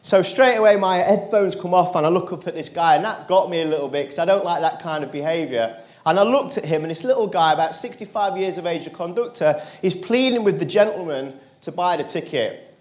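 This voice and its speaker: A man giving a motivational keynote, telling a personal story to a live audience and turning quiet in the emotional moments. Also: high voice, expressive, a little fast. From England. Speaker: motivational speaker. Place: conference stage.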